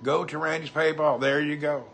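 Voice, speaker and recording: A man's voice: a little high, flat delivery, moderate pace, fairly bright tone, husky. A man with a Southern US accent, chatting casually on a livestream, reading viewer comments and greeting people by name in a folksy way. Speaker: livestream host.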